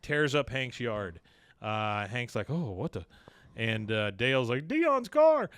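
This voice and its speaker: A man co-hosting a podcast, casually retelling a cartoon episode and jumping into quick voices for the characters. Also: on the low side, clear, resonant tone. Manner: animated, acts out characters' lines in quick put-on voices. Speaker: podcast co-host recapping an episode.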